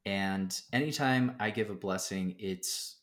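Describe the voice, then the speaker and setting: A young adult man, a podcast guest, telling stories in a casual, animated way, with filler words and many acted-out quotes. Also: lowish voice, a little slow. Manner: animated storyteller who acts out quotes. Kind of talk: casual storytelling in a podcast interview.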